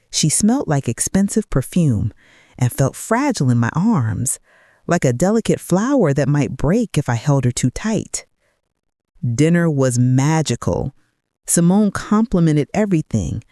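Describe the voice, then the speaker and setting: A woman in her sixties narrating a first-person family story in an earnest, reflective way with dramatic pauses. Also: low-pitched, darkish tone, dry recording, studio quality. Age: 60s.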